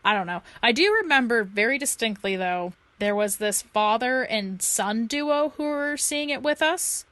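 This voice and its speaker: A young woman chats casually as a show co-host, telling stories and acting out the quoted lines. Her voice sits a bit high and sounds bright and keen. The sound is close and dry, with no room echo. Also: normal speed. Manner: chatty storyteller, acts out quoted lines. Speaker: podcast co-host. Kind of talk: casual chat.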